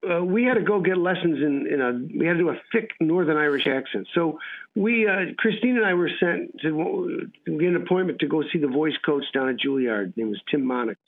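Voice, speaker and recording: A man's voice: a little high, lively intonation, fairly quick, vocal fry. A man, an actor being interviewed, telling rambling stories and acting out what people said. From United States. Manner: rambling storyteller, acts out dialogue. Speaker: actor guest. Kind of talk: casual anecdotal interview. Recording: tinny phone-like radio line.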